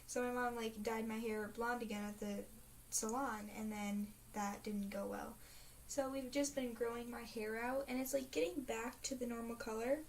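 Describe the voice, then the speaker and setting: A woman's voice: a little high, steady tone, normal speed. A teenage girl chatting in a casual video diary, rambling and dramatic, full of fillers. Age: teens. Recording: faint hiss, mic a bit distant.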